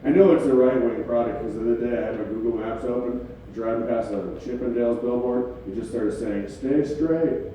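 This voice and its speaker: A man's voice: mid-range voice, steady tone, brisk, few pauses, warm tone, a little hiss or hum. A man doing a stand-up comedy set in a club, laid-back and swearing casually, chuckling at his own jokes. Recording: echoey club recorded from far off.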